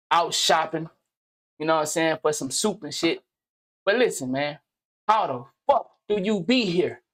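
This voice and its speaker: A man hosting a gaming channel, delivering a loud, slangy, profane comedic rant that swings into shouting. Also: high voice. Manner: slangy, repetitive, teasing.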